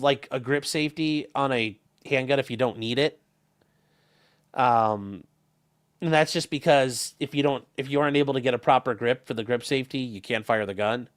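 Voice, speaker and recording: Here the streamer's medium-pitched voice comes across a bit bright. He's a Northern Ohio man running a casual livestream, going through chat messages with loose, jokey banter, free swearing, and wandering asides.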